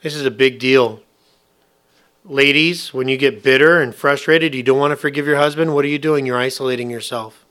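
A man's voice: mid-range voice, steady tone, fairly quick, fairly bright tone. A man preaching a sermon, asking his listeners question after question in a conversational way. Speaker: pastor.

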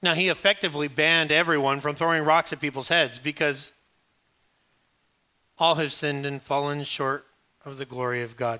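A middle-aged male pastor preaching a sermon, joking and storytelling with sudden hushed asides. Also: fairly high pitch, fairly even intonation, moderate pace.

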